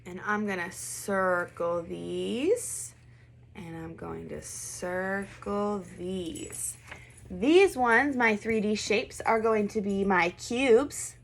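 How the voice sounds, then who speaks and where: Speaking extremely slowly in a gravelly, medium-pitched voice, a woman leads a first grade video lesson amid slight background noise. She is patient and encouraging, asking questions and having the children repeat words.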